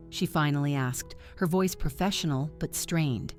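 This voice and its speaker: Woman in her thirties, story narration, cool, measured, lowish voice, faint music. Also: darkish tone. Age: 30s. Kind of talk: scripted first-person story narration.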